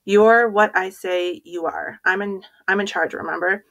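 A woman's voice: medium pitch, steady tone, a little slow, a bit bright. A woman reading aloud, voicing a bossy, hot-tempered schoolboy who barks orders at his friend. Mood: snappish. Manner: snappish, barking orders. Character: bossy, hot-tempered schoolboy running a dog-walking business.

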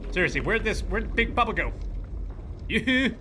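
A man commenting on his own horror game playthrough, excitable, yelling and cursing at enemies, with game music behind him. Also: high-pitched, normal speed, noisy background. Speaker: gaming channel host. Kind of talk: let's play commentary.

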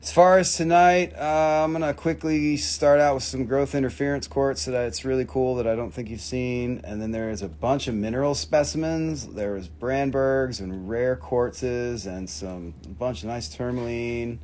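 A man hosts a live online rock and mineral sale from his shop, talking in a loose, rambling way. He jokes with viewers and swears freely, at an ordinary male pitch. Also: normal speed, few pauses, darkish tone, a little hiss or hum. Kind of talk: casual live-stream selling chat.

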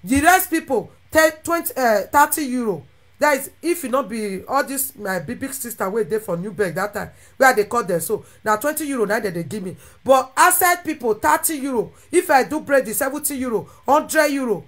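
A woman speaking with a Nigerian Pidgin accent, ranting animatedly to her followers and swinging between loud outbursts and quieter asides. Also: a little high, lively intonation, a little fast. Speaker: social media content creator. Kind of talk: impassioned monologue to followers.

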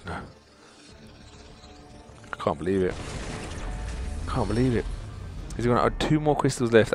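Calling his audience dudes, this gaming host begs the game for luck while opening crystals, alternating between excitement and exasperation. He has a lowish voice and records on a desktop mic.

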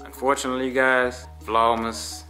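A young man teasing and joking in a relaxed way in a casual couple vlog at home. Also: medium pitch, normal speed. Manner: laid-back, teasing, joking. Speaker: vlogger. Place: at home indoors. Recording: roomy sound with music behind.

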